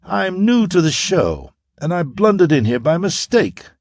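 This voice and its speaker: Cocky android: man playing a bold, cheeky male acrobat, bright and high, dry close sound. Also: very animated, unhurried, no echo, exaggerated voice. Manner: cocky, breezy, higher pitched.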